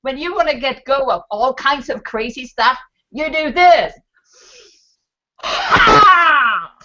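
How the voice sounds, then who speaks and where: High, lively woman guiding breath exercise. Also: moderate pace, dull audio. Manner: playful, animated, calls out loud ha breaths. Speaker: panel guest.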